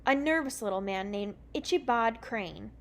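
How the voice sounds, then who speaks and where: A woman's voice: a little high, lively intonation, normal speed. A woman doing a smug, boastful boy.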